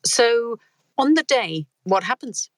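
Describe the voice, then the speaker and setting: A podcast host with a mid-pitched voice keeps the interview moving with short, encouraging prompts. The delivery is casual and friendly, and the recording sounds dry, with no room sound. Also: lively intonation, slow, fairly bright tone, no echo, rough recording.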